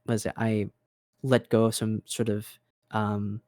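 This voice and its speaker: A man's voice: on the low side, completely flat delivery, a little slow, darkish tone, dry recording, clean studio sound. A man on a podcast chatting casually about singing, full of fillers and restarts. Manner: demonstrates vocal fry and gritty singing while explaining; lots of fillers, restarts and "you know". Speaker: podcast host. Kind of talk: casual chat.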